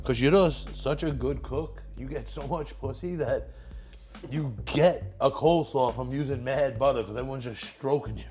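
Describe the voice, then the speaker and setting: A man's voice: medium pitch, normal speed, darkish tone, soft background music. A man, telling crude, rambling stories as he hosts a comedic cooking show, laughing at his own jokes.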